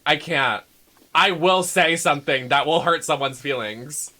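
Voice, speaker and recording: A young man streaming a video game, ranting in a dramatic, sweary way that swings from shouting to muttering. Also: fairly high pitch, a little slow. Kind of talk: casual rant while gaming.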